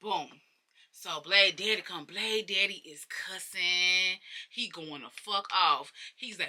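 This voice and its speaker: A woman telling a storytime about her own life to her viewers in a casual, profane way, jumping from loud outbursts to hushed asides. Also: lowish voice, slow, slight background noise. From Arkansas. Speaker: storyteller vlogger.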